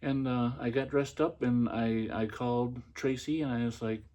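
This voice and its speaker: A man's voice: medium pitch, steady tone, normal speed, mellow. A middle-aged man hosting a podcast, telling a personal story in a casual, chatty way with many fillers and restarts. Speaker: podcast host.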